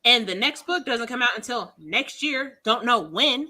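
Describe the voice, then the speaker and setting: Animated woman ranting loudly. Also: fairly high pitch, normal speed. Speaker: podcast co-host. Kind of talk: casual chat.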